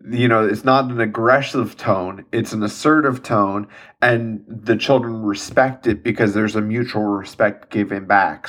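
A man's voice: fairly low pitch, a bit bright. A man hosting a casual podcast who talks reflectively and analytically, using clinical terms. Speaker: podcast host.

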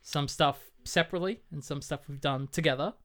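A man co-hosting a film podcast in casual chat, telling stories with animated delivery. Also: a little high, a little fast. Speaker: podcast co-host.

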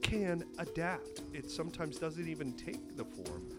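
A man's voice: a little high, sing-song, a little slow, over music. A man co-hosting a comedy podcast, playful and laughing often, sometimes slipping into a mock teacher's voice. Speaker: podcast co-host. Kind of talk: comedic casual chat.

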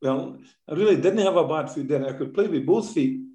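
An older Scottish man tells football stories in an easy, rambling way, dropping in fillers and little tag questions. His voice is mellow and sits a touch high. The sound carries a clear room echo. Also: fairly quick. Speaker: former footballer, guest. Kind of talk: casual interview storytelling.

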